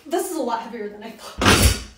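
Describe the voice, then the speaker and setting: A woman's voice: a little high, expressive, moderate pace. A young woman in her twenties giving gushing, upbeat chatter as a lifestyle vlogger, narrating her home and hauls. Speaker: lifestyle content creator. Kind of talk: casual vlog voice-over. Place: home rooms.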